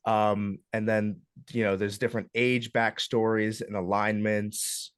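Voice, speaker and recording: A young man with a fairly low voice talks a classroom group through options in a loose, unhurried manner, filling pauses with ums and uhs. The sound is close and dry, with little room around it. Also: smooth, dry recording. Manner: relaxed, hesitant, lots of ums and uhs. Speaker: club workshop instructor. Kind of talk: casual classroom walkthrough.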